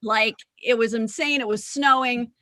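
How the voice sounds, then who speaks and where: A woman's voice: on the high side, fairly even intonation, moderate pace, pushed and bright, dry recording, studio quality. A woman, a rock band singer, telling road stories on a podcast, acting out quotes and swearing freely. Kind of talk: casual storytelling. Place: podcast recording.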